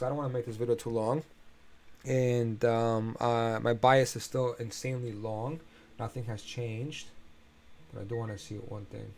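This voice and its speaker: A man's voice: mid-range voice, steady tone, normal speed, a little mellow. A man casually talking through crypto price charts on a screen share, loose and chatty, thinking aloud with filler sounds and sounding a bit tired. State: tired, yawning.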